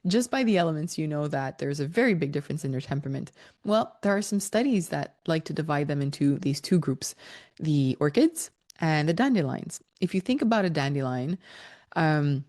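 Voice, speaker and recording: Parenting educator, female, middle-aged, low voice, lively and chuckling as she explains. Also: brisk. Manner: warm, animated, laughs between points. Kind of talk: explaining child development.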